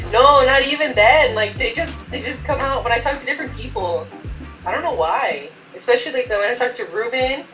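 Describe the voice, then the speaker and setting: A woman co-hosting a casual podcast chat, self-mocking and quick to laugh. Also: sits high, animated, fairly bright tone. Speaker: podcast co-host. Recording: echoey room, faint music.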